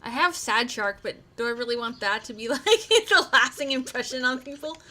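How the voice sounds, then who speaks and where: A woman's voice: on the high side, normal speed, sharp tone. A young adult woman streaming a game live, chatting in a giggly, rambling way full of silly asides. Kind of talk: casual live-stream chat while gaming.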